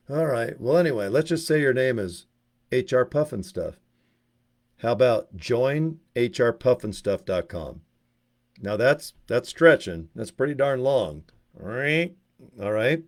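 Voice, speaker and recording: Man, mid-pitched, rambling and slangy, casual livestream host for a business channel. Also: a little mellow. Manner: rambling, crude jokes, slangy. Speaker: network marketing host.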